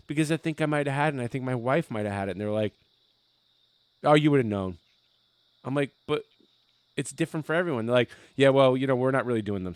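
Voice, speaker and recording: A man's voice: medium pitch, clean tone, dry recording. A young adult man who co-hosts a podcast, telling profane stories in casual chat and acting out the people in them. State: recovering from covid. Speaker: podcast co-host. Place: home basement.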